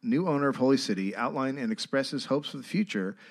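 A man's voice: mid-range voice, fast. A man co-hosting a live comedy podcast, reading old letters and history aloud and sometimes laughing. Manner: reads documents aloud, often breaking into laughter. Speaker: podcast co-host reading the story.

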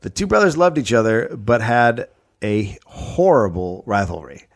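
A man's voice: fairly low pitch, big pitch swings, unhurried. A man co-hosting a comedy podcast, telling a history story in a dry, matter-of-fact way.

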